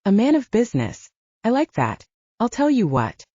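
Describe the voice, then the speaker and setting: A woman's voice: fairly high pitch, huge pitch swings, moderate pace, mellow, breathy edge, no echo, lo-fi sound, pitched above the performer's own voice, exaggerated voice. A woman voicing an overly cheerful, sing-song male wandering trader who speaks formally. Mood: cheery. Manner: sing-song, much too happy, formal.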